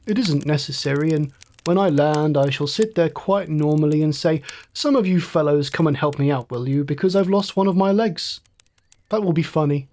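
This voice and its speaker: A man's voice: fairly high pitch, normal speed, darkish tone, natural voice. A man voicing a dazed, cheerful wounded fighter pilot. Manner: light, musing inner monologue.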